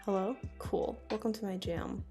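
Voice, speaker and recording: A woman's voice: medium pitch, fairly even intonation, normal speed, mellow. A young woman chatting casually on a live stream from home, rambling to herself while she fiddles with her settings. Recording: faint background music. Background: faint music.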